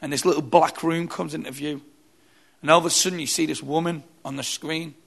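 Male preacher, gravelly, slightly high voice, emphatic repeating sermon style. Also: steady tone, fairly quick, a bit bright.

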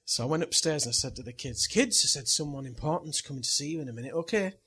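A man's voice: on the high side, racing, pushed and bright, slightly rough. A middle-aged man, a pastor, telling a funny family story in a chatty sermon and laughing at it as he goes. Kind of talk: sermon with personal anecdote.

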